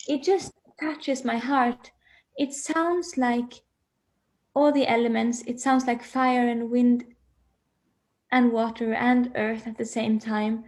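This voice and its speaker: A woman speaking as an interview guest from home on a video call, dreamy and searching for words, laughing often. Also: fairly high pitch.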